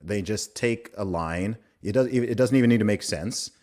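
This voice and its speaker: A man's voice: on the low side, moderate pace, a little mellow. A man hosting a podcast conversation, talking emphatically and repeating his points. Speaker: podcast host. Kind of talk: casual conversation.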